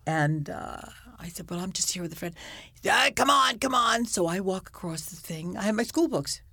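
An older woman, a guest, telling a lively anecdote in a podcast conversation. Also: lowish voice, a little fast, no echo, studio quality. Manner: chatty, animated storyteller who acts out quotes. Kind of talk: anecdotal storytelling.

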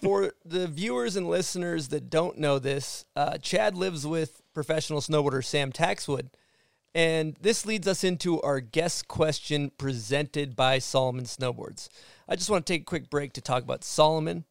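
Gravelly-voiced male podcast host. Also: fairly high pitch, moderate pace, no echo, clean studio sound. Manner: relaxed, conversational. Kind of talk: casual podcast interview and sponsor read.

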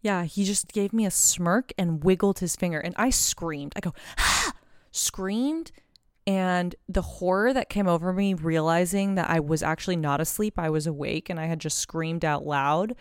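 A woman co-hosting a podcast over a video call, telling a story in a casual, animated way with lots of fillers and some swearing. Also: on the low side, moderate pace, clean tone, no echo, studio quality. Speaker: podcast co-host.

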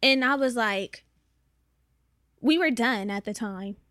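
A woman co-hosts a casual podcast, telling her stories in animated, slang-heavy talk. Her voice sits fairly high, and it is recorded dry and close with no room sound. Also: slow, no echo. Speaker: podcast co-host.

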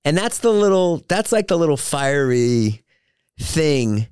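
A man's voice: on the high side, sing-song, takes it slowly, a little mellow, smooth, no echo, clean studio sound. A man hosting a solo podcast, telling joking, rambling anecdotes with lots of fillers and restarts. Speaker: podcast host.

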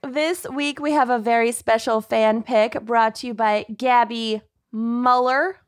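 Slow-talking woman podcast co-host. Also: a little high, fairly even intonation, clean tone. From Minnesota. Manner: playful, laughs often. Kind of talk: casual chat.

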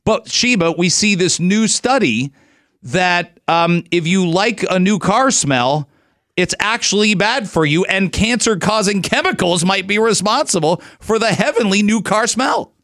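A man's voice: high voice, expressive, a little slow, fairly bright tone, no room sound. A male radio host in casual, joking studio talk, rambling through stories.

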